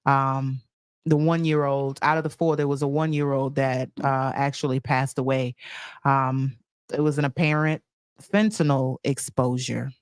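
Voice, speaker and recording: A woman co-hosting a podcast in casual chat, chatty and often laughing, growing animated as she talks. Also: a bass voice, a little slow, clear, resonant tone, dry recording, clean studio sound. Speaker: podcast co-host.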